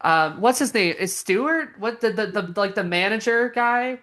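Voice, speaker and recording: A young woman co-hosting a podcast, chatting casually in an animated, giggly way with lots of fillers. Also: mid-range voice, normal speed. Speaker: podcast co-host. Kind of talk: casual chat.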